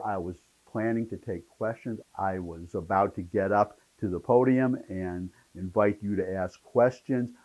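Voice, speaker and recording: A man's voice: medium pitch, darkish tone, rough recording. Man ranting about politics. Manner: opinionated, rambling, digressive. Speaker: political commentary host. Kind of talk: solo political rant.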